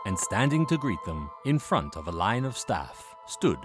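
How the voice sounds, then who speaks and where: A man narrating a fantasy audio drama in a steady, descriptive way. His voice is lowish but lively in pitch, with clear music underneath. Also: a little slow. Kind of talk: scripted narration.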